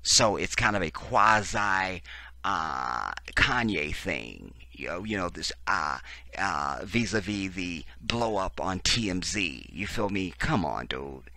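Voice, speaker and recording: A man's voice: low-pitched, big pitch swings, slow, bright, forceful tone, dry recording. A man hosting a profane, sarcastic political commentary, reading text aloud and breaking in with heated reactions. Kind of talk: ranting video commentary.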